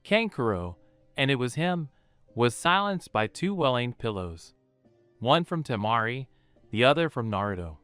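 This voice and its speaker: A man narrating a fan fiction story in an even storytelling read. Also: medium pitch, normal speed, clear, resonant tone, no room sound, soft background music.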